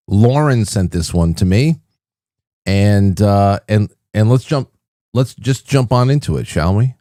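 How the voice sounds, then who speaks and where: A man's voice: on the low side, expressive, unhurried, dark tone, no room sound, clean studio sound. A middle-aged man hosting a livestream, chatting casually to viewers and often repeating his words as he rambles. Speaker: livestream host.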